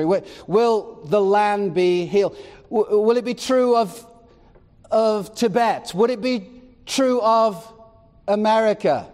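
A pastor with a notably high voice delivers a sermon, reading scripture passages aloud and breaking in with pointed rhetorical questions. His words ring out with the long reverb of a church hall. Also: darkish tone.

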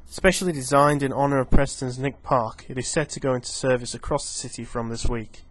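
A male reporter introducing a story and then asking an actor brisk, plain interview questions outdoors. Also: mid-range voice, fairly even intonation, no room sound, rough recording.

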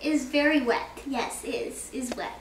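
Young woman coaxing a dog, very high and unhurried, heard off-mic in an echoey bathroom. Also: recorded from a distance. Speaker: college student, dog owner. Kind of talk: casual chat. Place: small dorm bathroom. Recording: echoey, off-mic, noisy phone audio.

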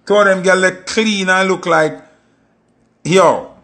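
A man with a Jamaican Patois accent, telling stories in a casual monologue and acting out quoted voices with sudden high jumps. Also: slow pace, a bit bright. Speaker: commentator.

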